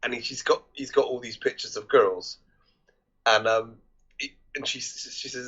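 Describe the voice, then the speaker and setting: A man's voice: mid-range voice, moderate pace, fairly bright tone, slightly rough. A man co-hosting a podcast, casually retelling film scenes and quoting the characters, with lots of restarts. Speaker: podcast co-host. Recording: dull lo-fi podcast audio.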